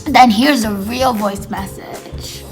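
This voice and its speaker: A woman's voice: fairly high pitch, slow, music in the background. A woman telling a casual storytime, rambling with lots of fillers and acting out what people said. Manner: rambling, filler-heavy, acts out quoted dialogue. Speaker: storytime vlogger.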